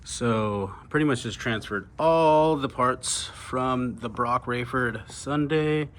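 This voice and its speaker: A man's voice: medium pitch, takes it slowly, a bit bright. A man in his thirties or forties, out of breath after riding, rambling casually with lots of ums in an outdoor vlog. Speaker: BMX rider vlogger. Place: outdoors on a street.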